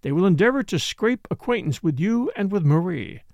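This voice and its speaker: A man voicing a suave, scheming middle-aged French count who speaks smoothly and dryly. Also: high voice, animated, fairly quick, darkish tone, no room sound, highs cut off. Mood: smooth, calculating.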